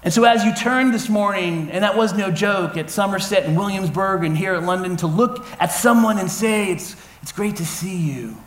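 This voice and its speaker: A man in his forties preaching a sermon to a congregation, lively and humorous as he tells stories and calls out to the crowd. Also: high voice, moderate pace, hardly any pauses, echoey room. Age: 40s. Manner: lively, addressing a crowd with cheers and callouts; storytelling with humor. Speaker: pastor. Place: church auditorium before a congregation.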